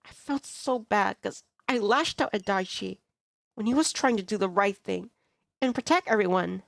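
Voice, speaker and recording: A woman streamer reading a romance visual novel aloud with expressive, emotional delivery. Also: mid-range voice, normal speed, vocal fry, no echo, studio quality. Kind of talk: reading a dating game aloud.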